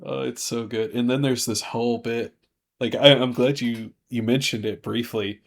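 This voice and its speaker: A man's voice: steady tone, normal speed, creaky. Jokey man podcast co-host. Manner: jokey, acts out characters' lines with big pitch jumps. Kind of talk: casual chat.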